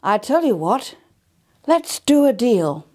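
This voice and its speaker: A woman's voice: a little high, very animated, slow, a little mellow, exaggerated voice. A woman voicing a bluff, jolly English country vet, a man.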